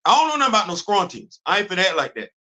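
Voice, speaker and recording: Male host with a high, sharp voice; lively, exclamatory fan chat. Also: rapid-fire. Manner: animated, repetitive, exclaiming, laughing. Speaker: comics podcast host. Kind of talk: excited casual comic book talk. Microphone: live stream mic.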